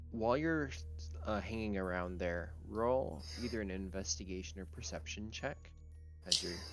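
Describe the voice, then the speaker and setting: A man acting as game master, narrating a tabletop game in a relaxed way, full of ums and uhs. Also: sits low. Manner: relaxed, with many fillers.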